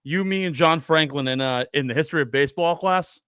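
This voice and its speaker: A man in his twenties telling rambling stories in a casual chat, with animated bursts. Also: fairly high pitch, fairly quick, clean tone, dry recording, studio quality. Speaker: panelist.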